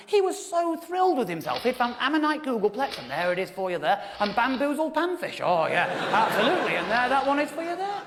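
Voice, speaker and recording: Animated English comedian on stage. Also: male voice, very high-pitched, fairly quick, few pauses, heavy background noise. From England. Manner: animated, incredulous, self-mocking. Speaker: stand-up comedian. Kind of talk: stand-up storytelling. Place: stage before a live audience. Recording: live show with audience laughter.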